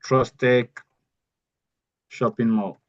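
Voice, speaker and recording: A man's voice: medium pitch, fairly even intonation, very slow, highs cut off. A man teaching an online workshop step by step, repeating key phrases as he goes. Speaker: AI bootcamp instructor. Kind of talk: live online tutorial.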